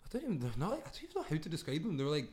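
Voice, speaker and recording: A man's voice: a little high, wildly swooping pitch, racing, a little mellow. A young man, a podcast co-host, telling a rambling story in casual chat, full of fillers and laughter.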